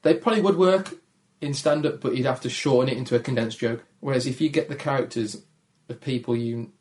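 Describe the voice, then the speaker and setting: A man with a Black Country accent and a gravelly voice talks quietly in a casual podcast conversation. His manner is shy and low-key, and he is quick to put himself down. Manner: low-energy, shy, self-deprecating. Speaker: comedian guest.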